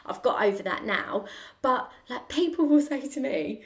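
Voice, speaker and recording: A woman's voice: a little high, expressive, moderate pace, echoey room. A woman, co-hosting a casual podcast chat and telling personal stories frankly and earnestly. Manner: frank, earnest storytelling with the odd swear word. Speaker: podcast co-host.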